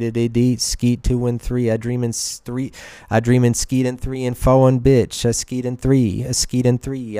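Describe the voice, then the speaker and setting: A man's voice: on the low side, warm tone, clear, resonant tone, natural voice. A man putting on a goofy jazzy speakeasy crooner who scats nonsense syllables in a sing-song voice.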